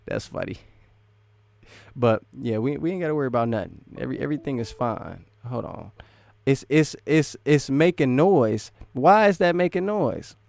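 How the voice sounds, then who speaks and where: A man's voice: medium pitch, animated, normal speed, gravelly, darkish tone, no room sound. Guy rambling on his live stream, dry close mic, mid voice. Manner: rambling, restarts often, laughs between thoughts. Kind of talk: casual live stream chat.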